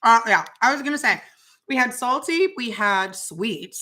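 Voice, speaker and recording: A woman's voice: on the high side, expressive, normal speed, sharp tone, low-quality recording. A woman hosting a casual home vlog, chatting while she taste-tests snacks and exclaims over the food. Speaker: vlog host.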